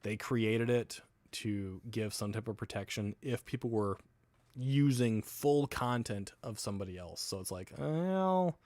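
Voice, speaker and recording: Speaking a little slowly, a Southern US livestream host has a low, slightly mellow voice with no room sound. He wanders between subjects, answering comments from viewers and laughing frequently.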